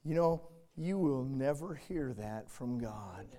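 A man preaching a sermon, moving from quiet storytelling to shouted emphasis. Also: medium pitch, expressive, slow.

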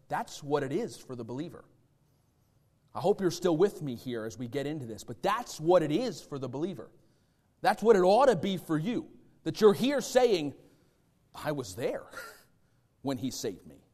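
A pastor preaching a sermon to his congregation, swinging from loud, stressed phrases to hushed, slow asides and asking them direct questions. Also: a little high.

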